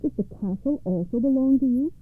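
A woman's voice: high-pitched, animated, a little fast, dry recording, pitched above the performer's own voice. A woman voicing a gracious, courtly king who speaks with admiring formality. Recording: tinny phone-like radio sound.

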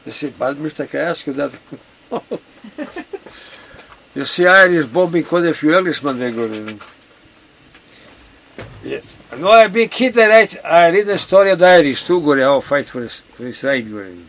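A man's voice: a little high, lively intonation, moderate pace, long pauses, fairly bright tone. Older Yugoslavian man in broken English. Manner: broken English, repeats "you see". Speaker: interviewee. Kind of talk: oral history interview. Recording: 1970s tape with background noise.

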